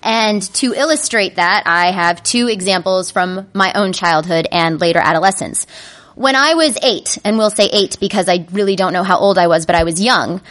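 A woman telling a comedic personal story to a live audience, animated and self-mocking. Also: mid-range voice, normal speed. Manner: animated, self-mocking, breaks into panicked inner voices.

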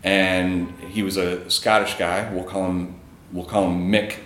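A man's voice: low voice, level tone, unhurried, fairly bright tone, echoey room, a little hiss or hum. A man telling a personal story on stage in a casual, chuckling way, with many fillers.

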